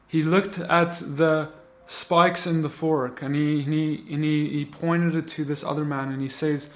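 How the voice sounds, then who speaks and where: A man's voice: fairly high pitch, steady tone, unhurried, hardly any pauses. A man preaching a sermon, recounting a vision and building into impassioned, repetitive exhortation.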